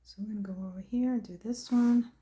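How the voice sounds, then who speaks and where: A woman hosts a painting demonstration as an art tutorial, chatting slowly and casually and talking to herself as she works. Her voice is mid-range and dark-toned, with fairly even intonation.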